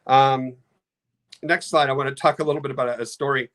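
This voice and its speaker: A middle-aged man talking casually on a podcast about customer service, halting often with restarts. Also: mid-range voice, steady tone, a bit bright. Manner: halting, many restarts, storytelling with acted quotes. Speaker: card company customer experience head. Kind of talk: casual podcast talk with slides.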